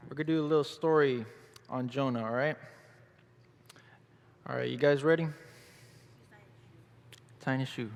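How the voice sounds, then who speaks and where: A man's voice: mid-range voice, steady tone, moderate pace, creaky, pauses often. Man introducing a drama team from afar. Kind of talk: casual introduction. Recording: distant mic in a reverberant hall.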